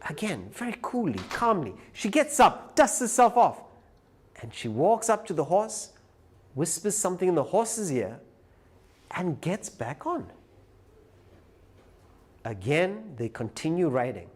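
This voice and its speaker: A man giving a live lecture who tells a story with animated delivery. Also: sits high, measured pace, pauses often, slightly rough. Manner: animated storyteller, acts out quoted voices. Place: lecture hall.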